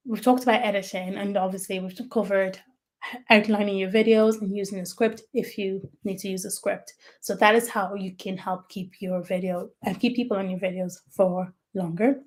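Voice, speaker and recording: A woman's voice: mid-range voice, darkish tone. Chatty woman giving video tips. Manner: chatty, explanatory, stresses key words. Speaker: YouTube strategist. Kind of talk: livestreamed tips talk.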